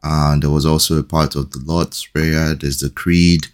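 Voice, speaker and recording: A man's voice: extremely low pitch, little pitch movement, normal speed, smooth. A young Nigerian man co-hosting a faith podcast, playful and joking, more hesitant when he reflects. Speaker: podcast co-host. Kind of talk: casual faith podcast chat.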